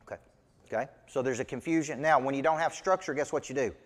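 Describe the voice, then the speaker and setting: A man's voice: medium pitch, fairly quick, in a large hall. A man with a Southern US accent, coaching a live seminar audience in an emphatic, folksy way full of rhetorical questions. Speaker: business coach. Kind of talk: motivational seminar teaching.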